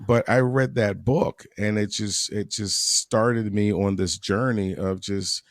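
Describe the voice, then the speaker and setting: A man talking casually as a guest on a panel discussion, halting often and repeating words as he looks for them. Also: lowish voice, steady tone, no room sound, studio quality.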